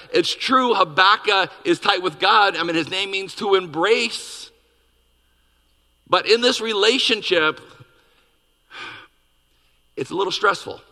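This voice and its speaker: A male pastor delivers a sermon with a bright, forceful edge and a slightly high voice. He talks in an animated way and acts out quoted dialogue with big swings. His voice rings with the long reverb of a church hall.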